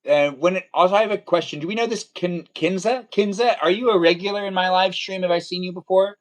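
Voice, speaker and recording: A man's voice: high voice, fast talker. Chatty man hosting a live stream. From Armenian heritage. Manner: chatty, welcoming, rambling. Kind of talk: casual live stream chat.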